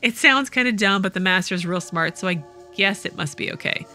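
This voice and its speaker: A woman's voice: medium pitch, fairly quick, bright, forceful tone, close to an everyday voice. A woman voicing a chatty, nervous teenage boy cult member in a video game.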